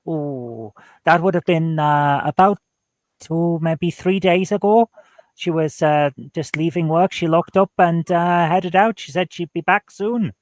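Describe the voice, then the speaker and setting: A chatty Welsh barman who keeps out of other people's business, as a game master puts him on. He rambles along with friendly little hesitations, a touch high-pitched, in a dry close sound. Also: a little slow, no room sound, close to an everyday voice.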